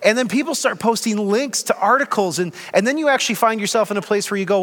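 A man's voice: high-pitched, fast talker, few pauses, fairly bright tone, big-room sound. A man preaching a sermon as pastor, in a conversational way with light humor.

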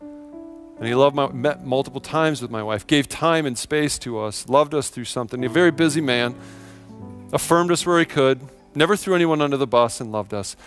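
A man's voice: medium pitch, a bit bright. A middle-aged man preaching a sermon to his church, earnest and emphatic, repeating phrases for effect. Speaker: pastor. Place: church sanctuary.

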